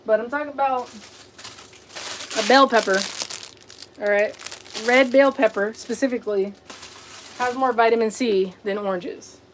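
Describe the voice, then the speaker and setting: A woman's voice: fairly high pitch, steady tone, a little slow, pauses often, slight background noise. A woman hosting a casual livestream, answering viewer comments and scolding rude ones. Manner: sassy, confronting chat commenters directly; talks to viewers as y'all and buddy. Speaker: livestream host.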